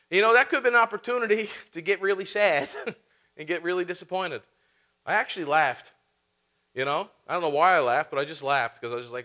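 A man's voice: sits high, a little fast, bright, forceful tone. A man preaching a sermon, telling a funny story and laughing often as he talks. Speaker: pastor.

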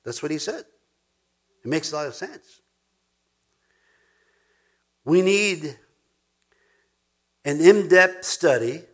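Emphatic preacher man, slightly high voice. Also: fairly bright tone. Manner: emphatic, repeats words for stress, chuckles. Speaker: pastor. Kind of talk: sermon.

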